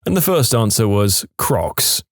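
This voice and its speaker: Deadpan male storytime narrator. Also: fairly low pitch, unhurried, no echo, studio quality.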